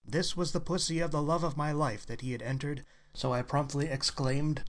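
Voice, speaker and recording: A man's voice: mid-range voice, fairly even intonation, normal speed. A man telling a crude joke in a plain storytelling way, quoting the people in it.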